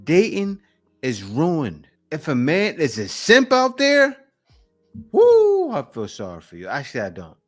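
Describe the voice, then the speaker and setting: A man's voice: medium pitch, sing-song, moderate pace, soft background music. A man hosting a reaction video, giving blunt, opinionated casual commentary.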